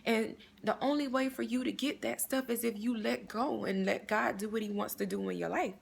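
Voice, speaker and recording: A woman's voice: a little high, fairly even intonation, moderate pace, slight background noise. A woman giving an earnest, faith-based inspirational talk, repeating phrases for emphasis in a prayerful way. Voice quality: gravelly creaky voice. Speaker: inspirational vlogger.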